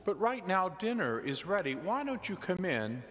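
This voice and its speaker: A man's voice: high voice, very animated, moderate pace, fairly bright tone. A man voicing a kindly, reassuring male farmer in a told joke. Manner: reassuring, folksy. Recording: church with long reverb.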